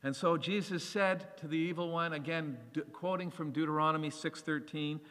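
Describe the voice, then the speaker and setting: A man preaching a sermon, animated and acting out the voices of scripture as he reads. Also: on the high side, normal speed, big-room sound.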